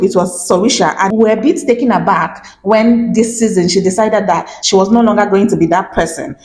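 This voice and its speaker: A woman's voice: medium pitch, slight background noise. Chatty lady doing a gossipy show recap, laughs a lot, roomy echo. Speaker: reality show recap vlogger. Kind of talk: casual recap commentary.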